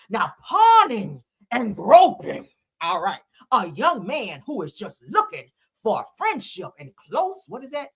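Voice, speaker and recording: Sassy lady doing gossip talk, voice swoops all over, kinda breathy. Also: mid-range voice, a bit bright. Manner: sassy, dramatic exclamations. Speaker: gossip commentator. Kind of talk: casual gossip commentary.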